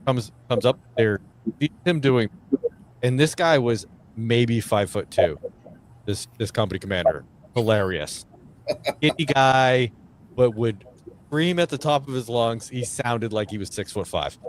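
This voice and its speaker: A man's voice: mid-range voice, a little slow. Swearing man telling a rowdy story. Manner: animated anecdotes, coarse language, laughs at own stories. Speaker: veteran guest. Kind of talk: casual storytelling.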